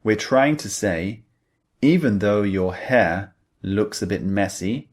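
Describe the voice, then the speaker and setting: Male English teacher, low voice, slow and deliberate explaining, scripted lesson. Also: animated.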